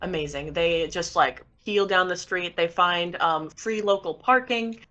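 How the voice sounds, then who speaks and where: Bright, rambling woman playing a tabletop game. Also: lowish voice, unhurried, lo-fi sound. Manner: rambling, self-interrupting, playful. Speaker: player. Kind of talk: tabletop role-play chat.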